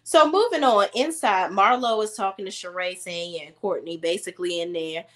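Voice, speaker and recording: A woman's voice: medium pitch, moderate pace, a bit bright. A woman giving opinionated, casual commentary as she recaps a reality TV episode. She talks bluntly and with exasperation, in a slangy storytelling style.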